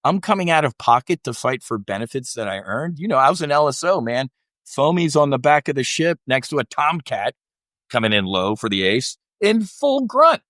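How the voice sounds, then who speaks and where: A man's voice: medium pitch, very animated, normal speed, a bit bright, no room sound, clean studio sound. A middle-aged man, a military veteran guest on a podcast, telling a candid personal story in a rambling way, restarting often and acting out the voices of people he quotes.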